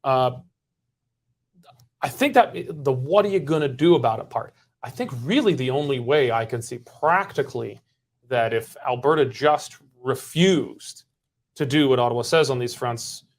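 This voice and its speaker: A man's voice: mid-range voice, lively intonation, unhurried. A man hosting a casual political panel, pressing guests with probing questions. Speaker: political talk show host.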